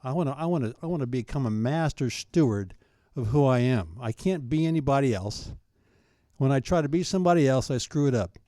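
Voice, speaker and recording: Mellow, earnest man in his fifties. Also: medium pitch, lively intonation, a little fast, dry recording, studio quality. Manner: thoughtful, earnest, often restarts phrases. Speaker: guest, founder of a coaching ministry. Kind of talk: interview answers.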